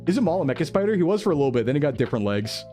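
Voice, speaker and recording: A man's voice: a little high, sing-song, racing, dark tone. A male streamer chats casually with his live audience, rambling with enthusiasm and leaning on fillers and laughter. His voice sits a bit above the usual male range. Faint music plays underneath. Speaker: VTuber streamer. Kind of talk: casual live-stream chat, answering chat messages.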